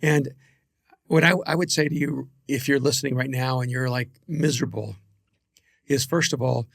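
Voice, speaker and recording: A man co-hosting a podcast, giving earnest, reflective advice with halting restarts. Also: mid-range voice, creaky, a bit bright, no echo, studio quality. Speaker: podcast co-host.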